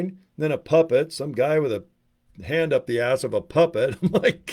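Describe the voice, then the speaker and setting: A man's voice: fairly high pitch, sing-song, moderate pace, darkish tone, husky. A man hosting a casual livestream about network marketing, rambling and slangy with crude jokes.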